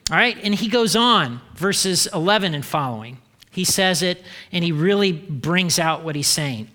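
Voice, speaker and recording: A male pastor preaching a sermon, animated and acting out the voices he describes. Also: a little high.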